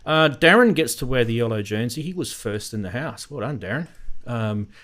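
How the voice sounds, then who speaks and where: A man's voice: medium pitch, lively intonation, normal speed, a bit bright. A man with an Australian accent hosting a casual live stream, rambling and greeting viewers in the chat by name. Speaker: host of a synth live stream.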